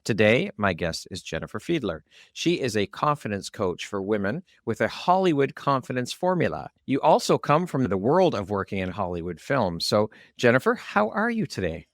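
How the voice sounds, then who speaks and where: A man's voice: fairly low pitch, very animated, moderate pace, few pauses, no echo, clean studio sound. A man hosting a podcast interview, earnest and effusive as he introduces and questions his guest. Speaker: podcast host.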